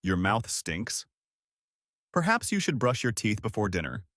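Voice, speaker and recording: A man voicing a young office worker who rants, raised high, about the girlfriend who dumped him. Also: big pitch swings, measured pace, a bit bright, no echo, studio quality. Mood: mocking. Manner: ranting then taunting. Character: young man dumped and furious, later mocking.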